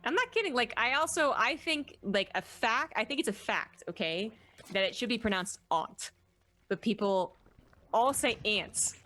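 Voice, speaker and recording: A woman's voice: a little high, animated, moderate pace, bright, forceful tone, faint music behind. A woman co-casting a strategy game match live, chatty and opinionated, teasing her partner. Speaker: esports co-caster. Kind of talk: live commentary and banter.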